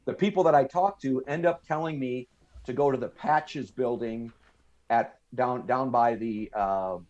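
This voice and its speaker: A man's voice: mid-range voice, unhurried, darkish tone, muffled recording. An American man in his fifties, a podcast guest telling a long story in casual talk, acting out the voices of people he quotes. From United States. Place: podcast studio.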